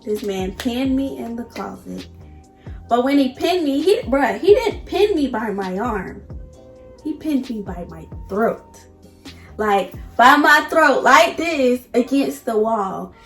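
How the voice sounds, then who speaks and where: Animated woman telling a storytime. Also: on the high side, slow, roomy sound, faint music behind. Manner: animated, emphatic, talks straight to viewers. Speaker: vlogger. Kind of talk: casual storytime.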